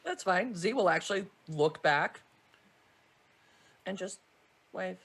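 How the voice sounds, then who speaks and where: A player at a tabletop game describes their character's moves in a playful manner. The pitch swings widely and animatedly. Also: lively intonation, slow pace, a bit bright, breathy edge. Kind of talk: tabletop role-play.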